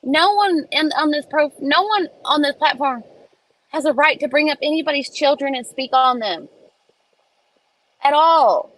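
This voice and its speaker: A woman hosts a casual phone livestream from her car parked in a school pickup line, ranting with blunt profanity. She speaks a little slowly in a high, somewhat bright voice, captured on a rough recording.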